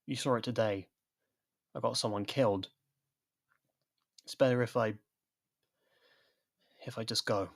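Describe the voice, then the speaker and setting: A man voicing a male time traveller, energetic and guilt-ridden, speaking briskly in an audiobook reading. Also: medium pitch, creaky, no echo.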